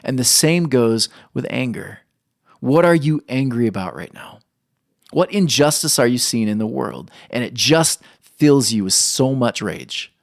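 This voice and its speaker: A man's voice: mid-range voice, animated, a little slow, vocal fry, dry recording, clean studio sound. A young adult man preaching a sermon, earnest, putting questions to his listeners. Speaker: pastor.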